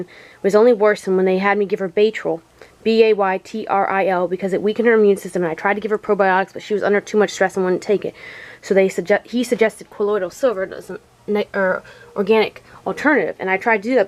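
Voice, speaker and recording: This is an emotional home video complaint: a woman close to tears films her ailing pet bird at home with a handheld camera. Her voice sits at medium pitch with a darkish tone, and her speech is tender and halting, full of sighs and fresh starts.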